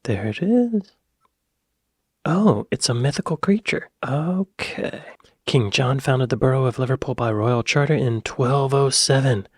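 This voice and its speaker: A man's voice: mid-range voice, normal speed, no echo, clean studio sound. A man casually reacting to a video, curious and chatty. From United States. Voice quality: husky.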